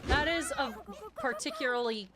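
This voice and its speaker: A woman's voice: high voice, wildly swooping pitch, moderate pace, very noisy. A woman streaming a game live, playful and laughing often, yelping at the screen and chatting with viewers. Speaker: VTuber streamer. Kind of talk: live gameplay commentary with chat. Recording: background game music.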